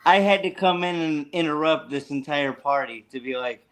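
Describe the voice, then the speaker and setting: An American man hosting a casual chat, telling stories in a crude, animated way. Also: fairly high pitch, moderate pace, smooth. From United States. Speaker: host.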